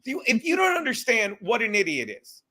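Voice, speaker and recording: A New York podcast host rants and jokes in casual chat, with crude, profane humor and quick rants. His very high-pitched voice is pushed and bright, with huge pitch swings.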